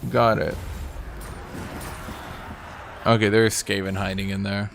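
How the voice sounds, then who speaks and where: A man's voice: fairly low pitch, little pitch movement, brisk, gravelly, noisy background. A young man streaming a strategy game, talking offhand and sardonic, swearing casually as he comments.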